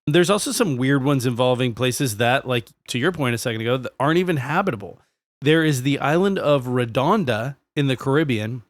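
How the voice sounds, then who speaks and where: A man's voice: medium pitch, animated, a little fast, no echo. A man co-hosting a podcast in casual chat, joking and swearing as he tells stories. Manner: joking, profane, drifting into silly put-on voices. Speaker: podcast co-host.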